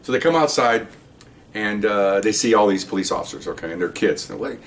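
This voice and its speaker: Older male ex-cop storyteller, rambling and casual, distant mic, faint rumble. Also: animated, brisk. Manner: rambling, tags remarks with "okay?". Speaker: retired police officer storyteller.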